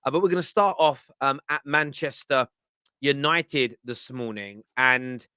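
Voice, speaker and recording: Bright-voiced male podcast host. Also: medium pitch, measured pace, clear, resonant tone, no room sound. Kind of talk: casual podcast hosting.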